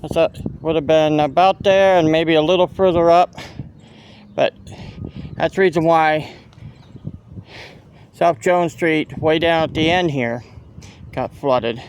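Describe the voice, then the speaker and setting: A man's voice: fairly high pitch, takes it slowly, pauses often. A man with a Central Pennsylvania accent, walking outdoors and narrating casually into a handheld phone, rambling and restarting as he points things out. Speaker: local walking-tour vlogger. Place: outdoors on a town street with passing cars. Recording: faint street noise outdoors. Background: traffic and street noise.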